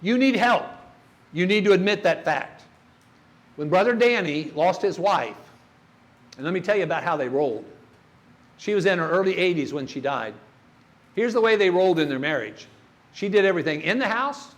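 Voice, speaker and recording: A man's voice: high voice, lively intonation, normal speed, pauses often. An older man preaching a sermon in a church, telling stories and putting questions to the congregation. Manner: storytelling, asks the congregation questions.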